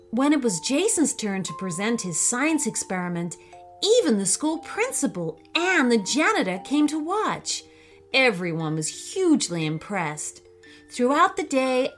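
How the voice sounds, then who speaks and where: A woman reading a children's storybook aloud in an expressive, unhurried way. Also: on the high side.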